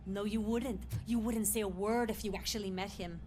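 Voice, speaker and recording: A woman's voice: mid-range voice, steady tone, normal speed, mellow, slight background noise, lightly acted. An actress playing a tough, irritated female police officer who snaps back. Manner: snappish.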